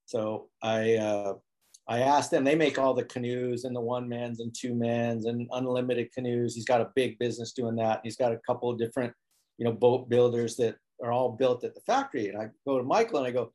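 A man telling stories in a relaxed interview, acting out other people's lines as he goes. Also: medium pitch, brisk. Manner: animated storyteller who acts out quotes. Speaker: guest, foil board maker. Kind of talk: casual storytelling interview. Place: Hawaii.

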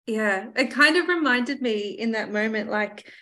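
A woman's voice: on the high side, measured pace, sharp tone. A woman hosting a conversational interview, responding reflectively with casual fillers like "you know" and "like". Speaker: podcast host.

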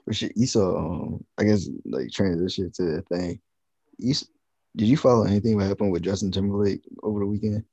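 A man's voice: on the low side, brisk, warm tone, no echo. A man in casual chat as a podcast co-host, rambling loosely with many fillers and restarts. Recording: dull lo-fi sound.

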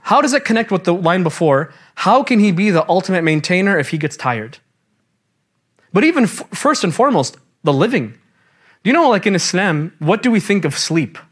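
High-voiced man teaching an animated class. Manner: lively, quizzes the class, casual slang. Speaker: religious teacher. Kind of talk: interactive classroom lecture. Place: classroom with students and slides.

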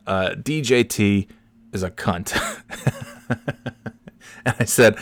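Low-voiced man in his forties rambling. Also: huge pitch swings, very slow, pauses often, fairly bright tone. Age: 40s. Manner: rambling, frequent restarts, laughs at his own stories. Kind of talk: casual storytelling monologue.

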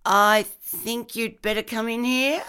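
A woman's voice: expressive, a little slow, a little mellow. A woman voicing a blunt, flustered young kindergarten worker, in a story reading. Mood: alarmed. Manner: blurting, high and anxious.

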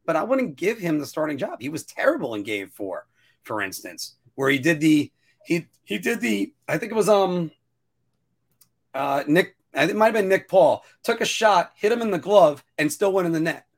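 A man co-hosting a casual podcast chat, rambling and restarting his sentences, now and then jumping up into a high-pitched whine. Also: moderate pace. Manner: rambling, self-interrupting, animated with sudden high-pitched whining bursts. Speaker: podcast co-host.

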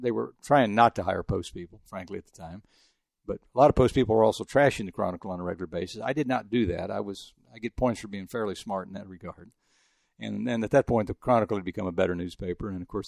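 A man's voice: fairly low pitch, creaky, darkish tone, dry recording, clean studio sound. An older man from Texas, a longtime sports journalist, telling rambling anecdotes in an interview. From El Paso, Texas. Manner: fast, rambling anecdotes with many restarts. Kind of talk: interview storytelling.

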